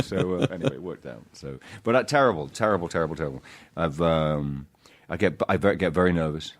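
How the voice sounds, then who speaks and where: Very deep-voiced man telling stories haltingly. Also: big pitch swings, fairly bright tone. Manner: halting, self-interrupting, self-deprecating storytelling. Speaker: guest actor. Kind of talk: casual podcast interview.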